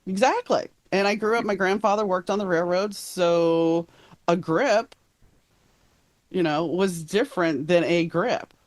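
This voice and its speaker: A woman's voice: on the low side, a little slow. A woman from New Orleans hosting a podcast, chatting casually and rambling, often trailing off mid-sentence. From New Orleans, USA. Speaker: podcast host. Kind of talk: casual interview chat.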